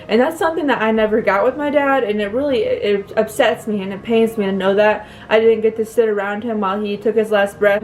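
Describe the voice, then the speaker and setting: A young woman speaking to her viewers in a personal vlog, emotional and close to tears, halting with many fillers and restarts. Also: medium pitch, darkish tone. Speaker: vlogger.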